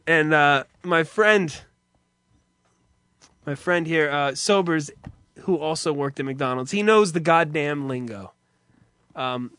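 A man's voice: high-pitched, sharp tone, dry recording, clean studio sound. A man hosting a stream, telling rambling, profane anecdotes in a casual monologue and laughing often. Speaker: streamer host.

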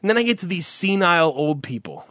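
A man's voice: sits high, very animated, fast, fairly bright tone, no echo, clean studio sound. A man in casual chat, ranting through a story with lots of swearing and exasperation.

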